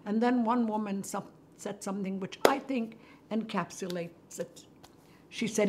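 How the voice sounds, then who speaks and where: An older woman hosting from her kitchen, telling a story with animation and hushed near-whispers. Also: mid-range voice, expressive, measured pace, slight background noise. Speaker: host. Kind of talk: storytelling talk to viewers. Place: home kitchen.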